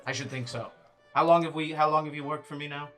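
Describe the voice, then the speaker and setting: A woman playing a blustery, generous male gentleman explorer in a tabletop role-play, with a bossy, jovial manner. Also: low voice, fairly even intonation, fast talker, faint music behind. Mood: hearty.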